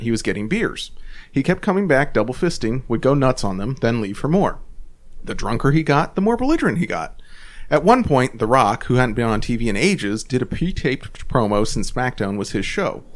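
A man co-hosting a casual podcast, reading a forum story aloud with laughs and animated delivery. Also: mid-range voice. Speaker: podcast co-host.

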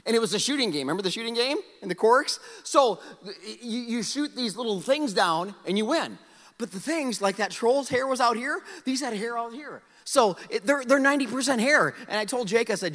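A middle-aged man from South Dakota preaching a storytelling sermon, animated and self-mocking, acting out his own past lines. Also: high voice, fairly quick. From South Dakota, USA. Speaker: pastor. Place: large church auditorium. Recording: hall reverb.

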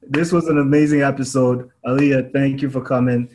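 A man's voice: medium pitch, a little mellow, poor audio. A man co-hosting a podcast, laid-back and chuckling through a casual chat. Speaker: podcast co-host.

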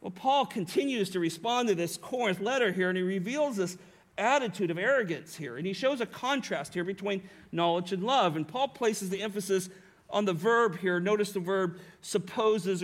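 A pastor preaching a sermon to his congregation, emphatic, often tagging lines with a rhetorical "right?" and slowing down on key phrases. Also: sits high. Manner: varies pace and volume, slowing on key phrases. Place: church sanctuary.

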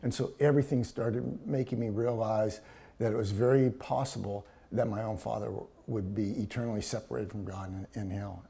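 A man preaching a sermon, telling a personal story in a hushed, emotional tone. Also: lowish voice, steady tone, moderate pace, vocal fry. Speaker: pastor.

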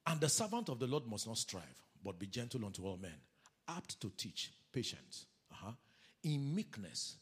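Lively husky-voiced male preacher. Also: medium pitch, moderate pace. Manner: animated preaching, mimics crying sinners, calls on congregation to read aloud. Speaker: pastor. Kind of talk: sermon.

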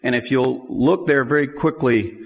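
A man's voice: mid-range voice, normal speed, in a large hall. A man preaching a sermon in a conversational way, acting out the scenes he describes.

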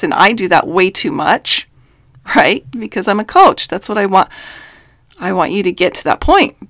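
A woman's voice: medium pitch, no echo, clean studio sound. A middle-aged woman coach giving an earnest, emphatic faith-based reflective talk. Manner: earnest, emphatic, with quoted voices. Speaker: life coach.

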